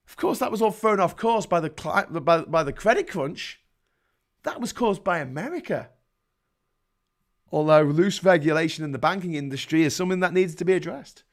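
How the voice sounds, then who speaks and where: A middle-aged British man hosting a show, ranting angrily about politics with constant swearing and sarcastic mock voices. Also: high-pitched. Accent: British English. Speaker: host of a livestream rant show. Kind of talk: angry political rant.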